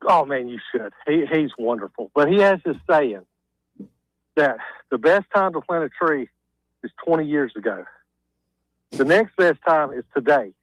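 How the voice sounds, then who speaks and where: A man's voice: a little high, animated, moderate pace, pauses often, no room sound, rough recording. A man calling in to a radio show, out of breath, joking and chatty. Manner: jokey, chatty. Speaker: caller, carpet store owner. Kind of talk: phoned-in radio ad chat.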